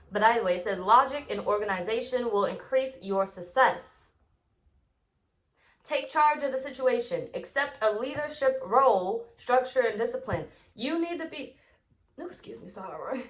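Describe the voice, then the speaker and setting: A woman with a slightly high, somewhat bright voice gives a tarot reading, blunt and profane, driving her points home through repetition. She also acts out quoted voices.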